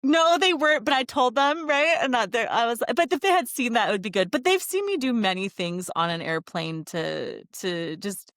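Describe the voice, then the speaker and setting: A woman, a company founder chatting as a guest and telling lively travel anecdotes with frequent laughs. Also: a little high, normal speed, few pauses, dry recording, studio quality. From United States. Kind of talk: casual interview chat.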